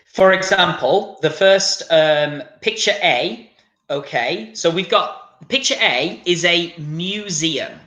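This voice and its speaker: Male English teacher, upbeat and encouraging, bright voice, echoey room. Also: on the high side. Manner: upbeat, encouraging, drawn-out model pronunciations. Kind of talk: online English lesson.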